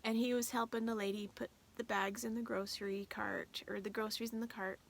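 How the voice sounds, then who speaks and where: A woman's voice: medium pitch, level tone, brisk, vocal fry, few pauses, slight background noise. A woman vlogger telling a personal story in a casual, rambling way with many fillers, emotional and holding back tears at times.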